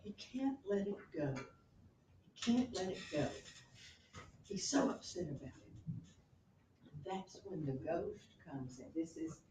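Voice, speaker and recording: A woman teacher lecturing her class, retelling a play with lively storytelling and acted-out quotes. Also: on the low side, measured pace, pauses often, noisy background. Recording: roomy classroom from a distance.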